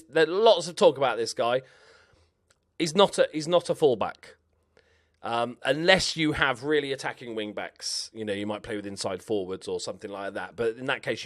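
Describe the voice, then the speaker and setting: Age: adult. Sex: man. Pitch: medium. Style: relaxed, chatty video game guide commentary, thinking aloud, self-mocking. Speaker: gaming YouTuber.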